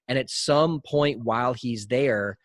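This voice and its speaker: A man's voice: mid-range voice, a little slow, no echo, studio quality. A young adult man hosting a podcast, earnestly retelling movie scenes in a casual conversational way. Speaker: podcast host.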